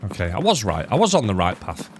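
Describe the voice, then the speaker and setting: A man streaming a shooter game live, rambling and thinking out loud, chatting to his viewers with jokey asides and casual swearing. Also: fairly low pitch, wildly swooping pitch, fast talker, slight background noise. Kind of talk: live gameplay commentary.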